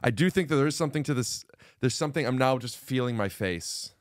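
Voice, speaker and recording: A man's voice: mid-range voice, lively intonation, fast talker, dry recording, studio quality. A man speaking as a guest on a comedy podcast, chatting casually with frequent restarts and self-aware asides. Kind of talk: casual conversation. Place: podcast studio.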